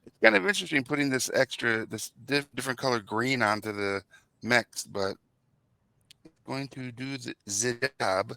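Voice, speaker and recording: A man's voice: medium pitch, moderate pace, gravelly, bright, forceful tone, smooth, no room sound. Stream co-host, male, joking around over painting, dry close sound. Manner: playful, jokey. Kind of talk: casual chat while painting miniatures. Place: game store.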